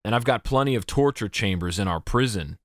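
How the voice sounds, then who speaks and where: A man's voice: lowish voice, animated, a little fast, no echo, clean studio sound, lightly acted. A man voicing a gloomy, stern village officer with a thick foreign accent in an audiobook. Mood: cold. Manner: cold, threatening.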